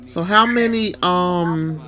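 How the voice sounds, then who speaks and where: Slow, bright-voiced woman interviewer. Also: on the low side, faint music behind. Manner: calm, encouraging with short affirmations. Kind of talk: interview questions and listening.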